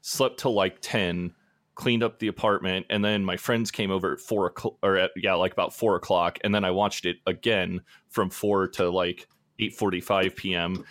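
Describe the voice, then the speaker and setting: A man's voice: sits low, steady tone, moderate pace, a bit bright, no echo, clean studio sound. A man hosting a podcast, chatting casually and rambling with frequent laughs. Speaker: podcast host. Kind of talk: casual chat.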